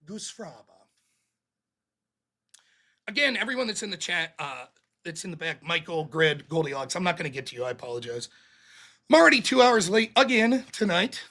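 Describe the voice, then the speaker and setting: Very animated and sharp in tone, this high-pitched call-in show host fights combatively with callers on his political stream, cursing and questioning rapid-fire, then reads out donations.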